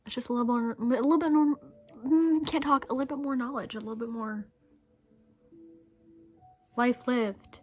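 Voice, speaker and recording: A woman's voice: fairly high pitch, moderate pace, long pauses, a little mellow, faint music behind. A young adult woman talking straight to camera in an earnest, rambling, emotional way, swearing casually as she shares her thoughts. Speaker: vlogger. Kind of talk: heartfelt direct-to-camera monologue.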